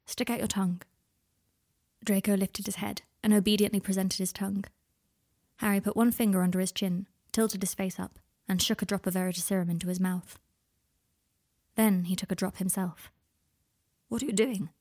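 A woman's voice: medium pitch, level tone, fairly quick, a little mellow. Woman narrating a story intimately. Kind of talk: scripted narration of fan fiction.

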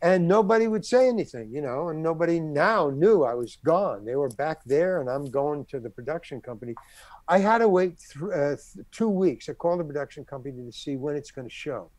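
Older man, animated storyteller, slightly high pitch, dry close mic. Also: brisk, no echo. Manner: animated, acts out other people's lines in the story. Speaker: guest actor. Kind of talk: anecdotal storytelling.

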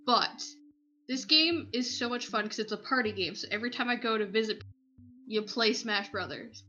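A young woman co-hosting a casual gaming podcast, speaking in a wry, easygoing way with quick quips. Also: on the high side, sharp tone, soft background music. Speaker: podcast co-host. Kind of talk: casual chat. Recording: dull lo-fi mic.

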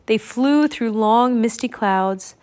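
A woman with a somewhat high voice reads a children's adventure book aloud. Her narration is clear and expressive, paced for young listeners. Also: slow. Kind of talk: audiobook reading.

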